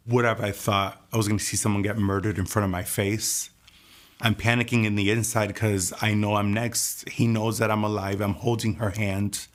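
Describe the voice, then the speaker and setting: A young man giving an earnest, halting personal testimony, reliving events in the present tense. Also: fairly low pitch.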